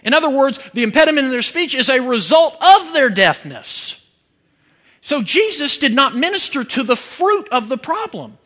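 A man from preaching a sermon, telling stories with animation and breaking into shouts. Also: very high-pitched, moderate pace. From Georgia, USA. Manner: animated storytelling, bursts into shouting.

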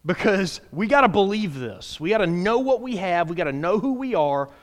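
Animated preacher man. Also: high-pitched, normal speed. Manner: animated, swings from hushed to shouting; folksy, playful preaching. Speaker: pastor. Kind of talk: sermon.

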